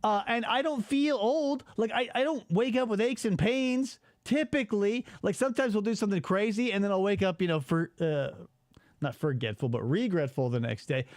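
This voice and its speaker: A man in his forties hosting a casual podcast, ranting in an exasperated, animated way and swearing freely. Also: high-pitched, moderate pace, no echo, studio quality. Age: 40s. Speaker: podcast host.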